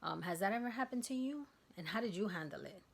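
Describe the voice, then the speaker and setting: A woman vlogger telling a personal story in a candid, emphatic way, dropping to a hush at tense moments. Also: medium pitch, lively intonation, fast talker, vocal fry, husky. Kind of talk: casual storytelling.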